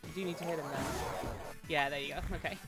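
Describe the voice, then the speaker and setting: A woman's voice: low voice, steady tone, quick pace, music in the background. A woman streaming a video game, chatting with viewers in a playful put-on tough New York voice, laughing often. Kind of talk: casual gameplay commentary.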